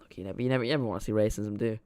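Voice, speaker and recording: A man's voice: on the low side, steady tone, rapid-fire, darkish tone, no echo. A young Irish man chatting casually while streaming a football watchalong from home, rambling with frequent restarts. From Ireland. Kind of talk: casual live commentary.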